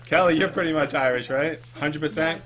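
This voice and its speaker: A man's voice: a little high, fairly quick, a bit bright, a little hiss or hum. A man hosting a casual comedy chat show, rambling with ums and laughs. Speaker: show host.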